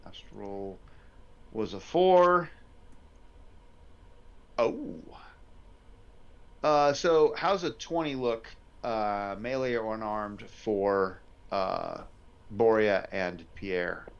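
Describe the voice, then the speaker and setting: Slow, gravelly-voiced male game master. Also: on the low side, muffled recording. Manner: thinks aloud over dice rolls, unhurried. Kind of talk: running a tabletop game. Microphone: headset or desk mic on a live stream.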